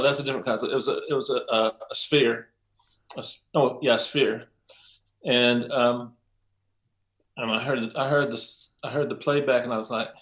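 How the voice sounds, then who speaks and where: Animated older man telling studio stories. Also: mid-range voice. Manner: animated storyteller, acts out quotes, frequent ums and profanity. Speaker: guest, mix engineer. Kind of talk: casual interview storytelling.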